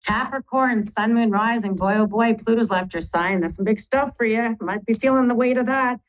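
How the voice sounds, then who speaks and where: A woman's voice: on the high side, normal speed, highs cut off. A woman hosting a live radio horoscope forecast, chatty and affectionate, rattling off lists of keywords sign by sign. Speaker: psychic astrologer host.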